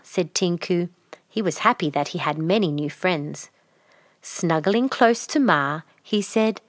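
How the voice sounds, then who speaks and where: A woman reading a children's picture book aloud in a gentle, expressive storytelling way. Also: fairly low pitch, a little slow, no echo, clean studio sound.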